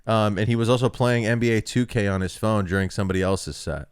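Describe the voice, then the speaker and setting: A man's voice: lowish voice, fast, clean tone, no echo, clean studio sound. A young man co-hosting a comedy podcast, telling stage stories in a wry, casual way and now and then slipping into freestyle rhymes. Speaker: podcast co-host and stand-up comic.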